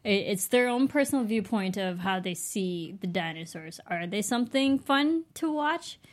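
A woman's voice: mid-range voice, animated, moderate pace. Reflective woman discussing a film. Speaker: podcast co-host.

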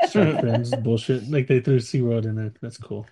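A man's voice: medium pitch, huge pitch swings, slow pace, dark tone, breathy edge. A man co-hosting a casual podcast, joking loosely, laughing often and reading listener emails aloud. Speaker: podcast co-host. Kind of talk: casual chat.

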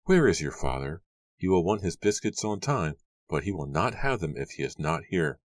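A man's voice: deep voice, sing-song, moderate pace, no echo. A man voicing a stern, fearful Puritan mother who scolds her daughter disapprovingly in an audiobook reading. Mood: scornful. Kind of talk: audiobook character voice.

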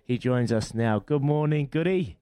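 A man with a New Zealand accent hosting sports radio in a relaxed, matey way, chatting and laughing easily. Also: medium pitch, normal speed, clean tone, dry recording. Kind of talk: casual sports radio chat. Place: radio studio. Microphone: studio mic.

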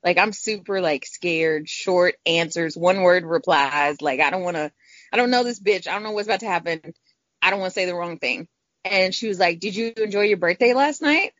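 A woman's voice: on the low side, normal speed, no echo. A woman telling a personal story in casual talk, frank and profane, acting out what people said. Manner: frank, profane, quotes people in lively voices. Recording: dull lo-fi recording.

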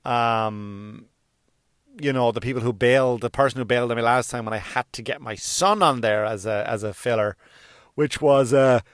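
A middle-aged man hosting his podcast with a rambling, self-deprecating comedic patter. His voice sits dry and close to the microphone, with no room around it. He tends to break into loud sung outbursts between his ordinary chat. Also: medium pitch, normal speed, clear, resonant tone, no echo. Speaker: podcast host. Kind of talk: casual comedic monologue.

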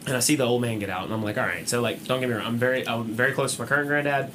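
A young man, co-hosting a podcast and telling a story in a casual, animated way. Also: medium pitch, background noise. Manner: fast, animated storytelling with acted-out quotes. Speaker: podcast co-host.

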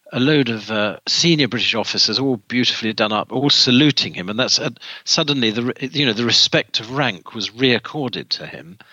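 A man's voice: mid-range voice, bright, forceful tone, dry recording, dull audio. A man guest in an interview, telling a story with many restarts and fillers. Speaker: author and guest.

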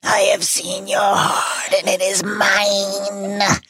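Cruel taunting Horcrux played by a male podcaster, high and slow, dry sound. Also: completely flat delivery, gravelly, bright, forceful tone, husky, dry recording, exaggerated voice. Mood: menacing.

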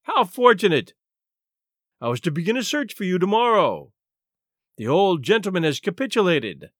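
A man voicing an excitable, insistent gentleman in an opera hat, raised and fussy. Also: high voice, fairly quick, dry recording, clean studio sound. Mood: excited.

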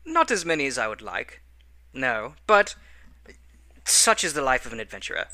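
A man's voice: mid-range voice, very animated, moderate pace, pushed and bright, dry recording. A man at a tabletop game speaking in character as a well-bred bard, formal and polite with a slightly grandiose air. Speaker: player. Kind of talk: playing a genteel bard in character.

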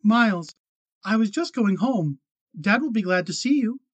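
A nervous, yielding young woman of the frontier speaks softly and high, almost begging, as a male narrator puts her on. The recording is close and dry, with no room sound. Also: lively intonation, normal speed, breathy edge, no echo, lo-fi sound. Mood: pleading. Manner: soft, pleading.

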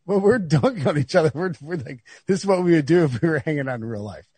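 A man's voice: a little high, expressive, fast, mellow, breathy edge, no room sound. A man hosting a sports podcast, rambling and laughing through stories with his friends. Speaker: podcast host. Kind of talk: casual sports podcast banter.

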